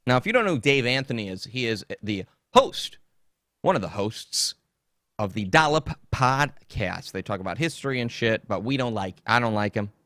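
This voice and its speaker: A man's voice: medium pitch, sing-song, normal speed, pushed and bright, no room sound, clean studio sound. A man hosting a podcast on his own, talking in a profane, sarcastic, rambling way. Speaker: podcast host. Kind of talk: casual solo podcast monologue.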